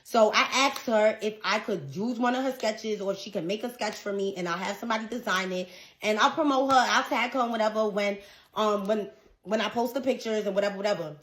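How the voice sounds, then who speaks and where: A young woman telling a personal storytime, animated and profane, exasperated as she recounts a dispute. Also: mid-range voice, brisk. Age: young adult. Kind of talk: casual storytime rant.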